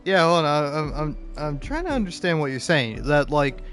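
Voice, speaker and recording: A man's voice: a little high, big pitch swings, moderate pace, fairly bright tone, soft background music. Rambling American man thinking aloud. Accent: General American. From United States, born in Florida. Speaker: streamer reacting to a video. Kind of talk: casual reaction commentary.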